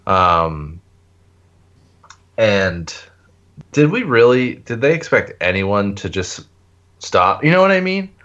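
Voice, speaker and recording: A man's voice: on the low side, sing-song, takes it slowly, long pauses, a bit bright, dull audio. A man co-hosting a casual podcast chat about a TV show, laid-back, with frequent laughs and fillers. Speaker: podcast co-host.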